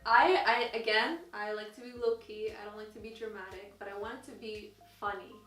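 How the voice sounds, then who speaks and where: A young woman vlogger telling an engagement story in casual chat, animated and laughing as she talks. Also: mid-range voice, brisk. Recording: roomy, distant, with music.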